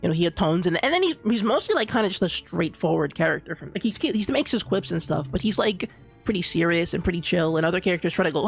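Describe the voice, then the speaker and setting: A man's voice: high voice, fairly quick, vocal fry. A young man streaming a game, rambling in casual commentary with constant restarts and fillers. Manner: rambling, restarts, lots of "like" and "you know". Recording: game music behind the voice.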